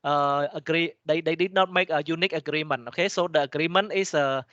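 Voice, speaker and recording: Cambodian guy teaching class, kinda high voice, lots of restarts n "okay?", slightly muffled dry audio. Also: fairly bright tone, no echo. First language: Khmer. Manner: halting, many restarts and fillers, repeats "okay?" to check understanding. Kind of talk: lecture explaining slides, switching between English and Khmer.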